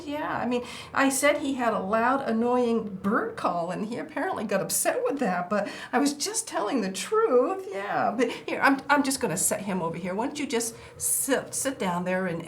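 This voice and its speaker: A woman's voice: a little high, a little hiss or hum. An older woman hosting a children's show, chatting playfully with a puppet and the kids and reading them a storybook. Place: indoor TV set.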